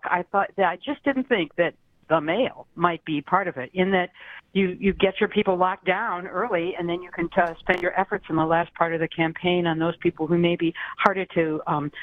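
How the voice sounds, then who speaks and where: A man calling in to a radio talk show, rambling and hesitant with many ums, heard over a phone line. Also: high-pitched. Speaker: caller. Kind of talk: call-in radio chat.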